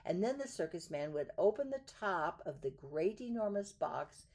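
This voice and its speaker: A woman reading a picture book aloud in a gentle, soft way, drawing out some words. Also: lowish voice, big pitch swings. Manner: gentle, soft, drawn-out in places. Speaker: storyteller.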